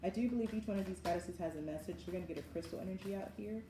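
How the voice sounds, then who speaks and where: With a medium-pitched, rapid-fire delivery, a woman in her forties from the Southern United States offers an effusive, musing spiritual tarot reading. She frequently calls things wild, and the echoey room has background noise.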